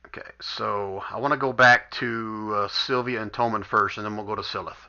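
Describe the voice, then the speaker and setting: A man's voice: fairly low pitch, fairly even intonation, moderate pace, pushed and bright. A man narrating as game master in an online tabletop game, chatty and laughing often. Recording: dull lo-fi recording.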